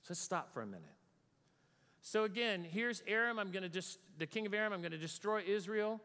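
A man's voice: high voice, sing-song, brisk, pushed and bright. A man preaching a sermon as pastor, conversational with joking asides. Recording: long hall reverb.

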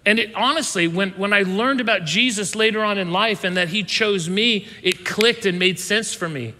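A pastor in his fifties tells a story from his childhood in an easygoing sermon style, stopping and restarting his sentences as he goes. His voice is high and bright. A long reverb trails behind him, as in a big hall. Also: moderate pace. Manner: conversational, self-interrupting with restarts.

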